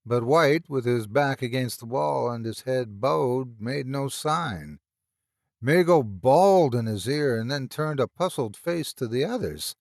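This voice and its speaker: A man narrating a classic horror story in an expressive, dramatic storytelling manner. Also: medium pitch, unhurried, creaky, no echo, studio quality.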